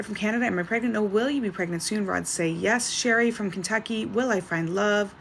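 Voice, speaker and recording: Woman psychic doing a live q&a, brisk and chatty, mid-pitched voice, bit of faint hum behind. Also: creaky, a bit bright. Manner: brisk, chatty, reads names and questions off. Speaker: psychic livestream host. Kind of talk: live-stream Q&A reading.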